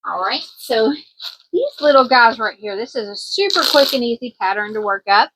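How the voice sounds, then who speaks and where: A Kentucky woman with a country twang, a small business owner, chats casually in a craft show-and-tell vlog, rambling a little with plenty of ums. Her voice is a little high, animated, fairly bright and slightly rough, at a moderate pace, in a low-quality recording.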